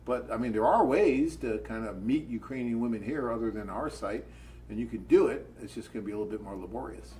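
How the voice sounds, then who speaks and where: American male co-host, animated and chatty, casual live Q&A, faint noise behind. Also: mid-range voice, a little fast, rough recording. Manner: animated storyteller, chatty and upbeat. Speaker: co-host of a dating agency webcast.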